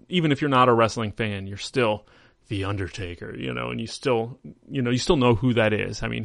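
A man's voice: medium pitch, gravelly, a bit bright, no room sound. Rambling man on a dry podcast mic. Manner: rambling, filler-heavy storytelling. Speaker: podcast host. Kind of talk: casual chat.

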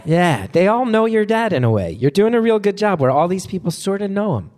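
A man's voice: sits high, very animated, brisk, darkish tone, in a large hall. A man hosting a live podcast, chatty and self-deprecating, often restarting his sentences. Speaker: podcast host. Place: live venue before an audience.

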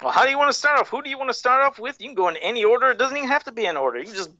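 Blunt, foul-mouthed woman with a lively voice. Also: on the high side, racing, no echo. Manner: blunt, swears freely, lively banter. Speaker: podcast co-host. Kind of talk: casual chat. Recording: dull, dry lo-fi audio.

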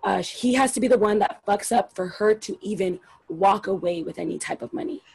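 Woman w a raspy creaky voice, blunt and sweary, gossiping casually. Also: medium pitch, fairly quick, a little mellow. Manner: blunt, profane, opinionated. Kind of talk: casual chat about reality TV.

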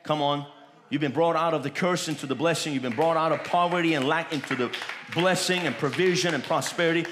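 Emphatic preacher man, fairly high voice. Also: fairly bright tone, slight background noise. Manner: emphatic, repetitive declarations with rising bursts. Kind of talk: sermon.

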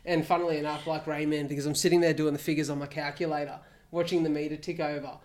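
A man's voice: a little high, level tone, fast talker, a little mellow, a little hiss or hum. A young Australian man co-hosting a podcast, telling a story in a blunt, sweary, laughing way. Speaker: podcast co-host. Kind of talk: casual storytelling chat.

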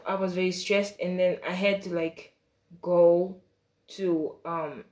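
A woman's voice: lowish voice, steady tone, slow, darkish tone. A young woman, a student, telling a storytime vlog in a casual, blunt way, slipping into the voices of the people she quotes. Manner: casual and blunt, with slang and swearing.

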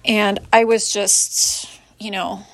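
A woman telling a personal story in a halting, reflective way, sighing and pausing with hesitant fillers. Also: medium pitch, level tone, gravelly, fairly bright tone, no room sound.

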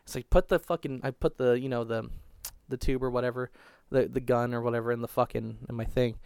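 A man's voice: mid-range voice, steady tone, a little fast, vocal fry, a little mellow, clean tone, no echo. A young man telling a crude, rambling story on a casual podcast, swearing constantly and restarting his sentences. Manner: profane, rambling, restarts a lot.

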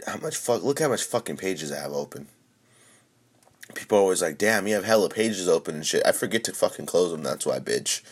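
A young man chatting casually while streaming, excitable and swearing constantly, swinging from mumbling to shouting. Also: low-pitched, brisk, slightly rough. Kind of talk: casual profane livestream chatter.

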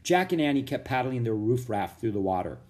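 Expressive man reading a storybook aloud. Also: mid-range voice, a little fast. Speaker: audiobook narrator.

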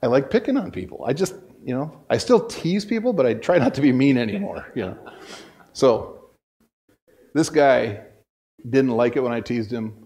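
A man's voice: mid-range voice, lively intonation, normal speed, pauses often, mellow. A middle-aged male pastor giving a casual, storytelling sermon in a church, folksy and self-deprecating, often restarting his sentences. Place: church sanctuary.

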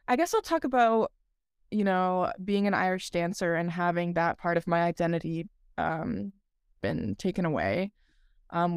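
This young woman co-hosts a podcast, recounting her story in casual conversation full of filler words, with the occasional laugh. Her voice is lowish and smooth, captured in a dry, clean studio recording.

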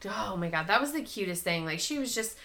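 A woman's voice: mid-range voice, lively intonation, fairly quick, fairly bright tone. A woman in her thirties co-hosting a casual chat show, telling stories with acted-out quotes and frequent swearing. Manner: chatty storyteller, swears freely, acts out quotes. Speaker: podcast co-host.

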